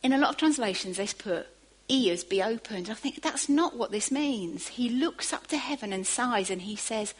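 A woman preaching a sermon, moving from quiet asides to emphatic, rising bursts. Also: fairly high pitch, expressive, normal speed, few pauses, slightly rough, poor audio.

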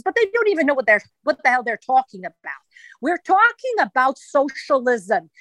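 A woman's voice: high voice, sing-song, fairly quick, fairly bright tone, no room sound, rough recording. A woman with a Serbian accent, speaking emphatically and passionately as a guest in a radio interview.

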